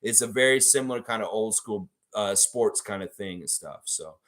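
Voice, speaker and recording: A man's voice: fairly low pitch, moderate pace, a bit bright. A man hosting a live stream, reading viewer comments and rambling through his thoughts with frequent restarts. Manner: rambling, thinking aloud with restarts. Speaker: livestream host reading chat. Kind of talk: casual live chat.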